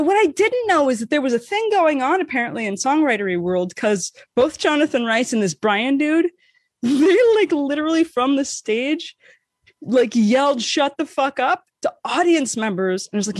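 A woman co-hosting a podcast, telling a story in casual chat, animated and swearing freely, acting out the voices she quotes. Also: high-pitched, normal speed, no echo, clean studio sound. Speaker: podcast co-host.

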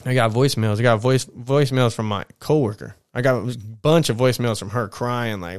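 A man tells a rambling, profane story in a loose, laid-back way. His voice is smooth and resonant, close and dry with no room sound. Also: medium pitch, fairly quick, hardly any pauses, dry recording. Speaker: podcast storyteller. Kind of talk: casual storytelling.

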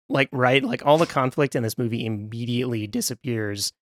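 A man's voice: medium pitch, brisk, fairly bright tone. A man in a casual film review chat, rambling and restarting his sentences, often breaking into laughter. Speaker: film podcast panelist.

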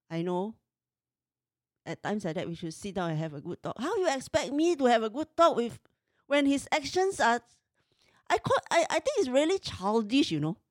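A woman's voice: medium pitch, no echo, studio quality. A woman in her fifties tells a personal story in an emotional, exasperated way. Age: 50s.

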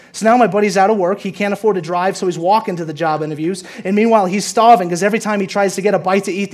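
A man's voice: high voice, a little mellow, natural voice. A man reading a movie monologue aloud, voicing a brilliant, bitter young working-class man in a long sarcastic rant.

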